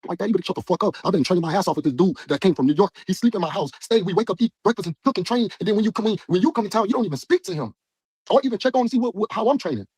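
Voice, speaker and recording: Husky man venting at rapid speed. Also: sits high, expressive, a little mellow, no echo. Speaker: boxer. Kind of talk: interview clip.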